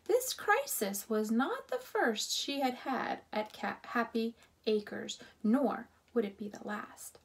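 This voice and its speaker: A woman reads a children's storybook aloud, telling it with expressive, animated delivery. Her voice sits fairly high and moves up and down a great deal. She keeps an unhurried pace, with a slightly husky tone. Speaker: storybook reader.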